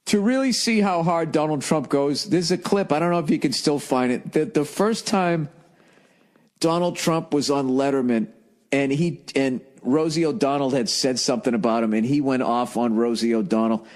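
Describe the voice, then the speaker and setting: A man's voice: mid-range voice, normal speed, a little mellow. An American man hosting a solo comedy podcast, ranting with heavy profanity and sarcasm. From United States. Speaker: podcast host.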